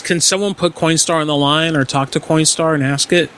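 A man's voice: on the high side, steady tone, fairly quick, pushed and bright, a little hiss or hum. A man hosting a prank call show, joking loosely and swearing often as he chats and calls. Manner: loose, laughing, profane, joking. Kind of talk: casual crude banter and prank calls.

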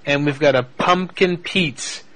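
A man's voice: on the high side, unhurried, crowd noise. A male radio host chatting casually, laughing and swearing between calls. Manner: laughing, loose and profane.

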